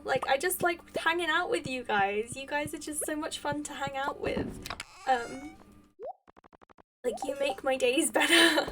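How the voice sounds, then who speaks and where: A woman with a high-sitting voice live-streams a game, chatting casually with viewers and thanking them effusively. She rambles and often restarts her sentences, and the distant mic picks up background noise.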